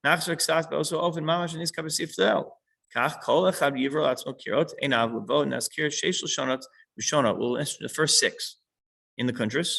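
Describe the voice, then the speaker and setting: Gravelly husky male teacher. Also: on the high side, brisk, a bit bright, low-quality recording. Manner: explanatory, reads a line then unpacks it. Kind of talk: explaining a text to a small class.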